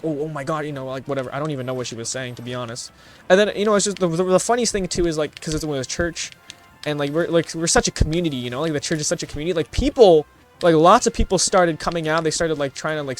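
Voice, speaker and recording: A young man vlogging, telling casual stories to his viewers in a rambling, self-mocking way with many restarts. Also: on the high side. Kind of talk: casual storytelling to camera.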